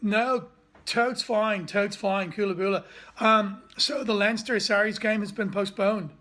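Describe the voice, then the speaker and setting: A man's voice: high-pitched, fairly even intonation, unhurried, sharp tone, pitched above the performer's own voice. A man putting on the voice of a carefree, posh young south Dublin man with a drawling D4 accent. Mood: breezy.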